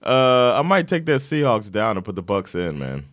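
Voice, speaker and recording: Animated low-voiced man, casual sports chat. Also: no room sound, studio quality. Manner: animated, profane, quick to joke. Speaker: podcast co-host.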